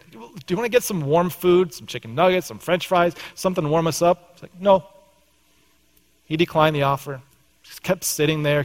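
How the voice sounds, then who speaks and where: A man's voice: a little high, a bit bright, big-room sound. A man in his thirties preaching a sermon, telling a family story in a conversational, self-deprecating way before drawing the lesson. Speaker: pastor. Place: church sanctuary.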